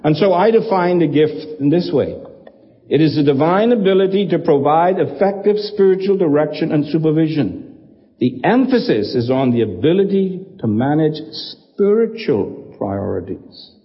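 Emphatic preacher with lively high voice. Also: male voice, moderate pace, long reverb tail, dull audio. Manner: emphatic preaching with repetition and rhetorical questions. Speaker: pastor. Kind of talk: sermon.

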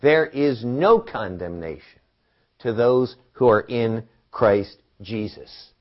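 A man teaching from the Bible at an unhurried pace, his pitch climbing and falling in lively sweeps as he presses questions on his listeners. The recording sounds dull and lo-fi. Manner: animated, asks the listeners questions and quotes scripture.

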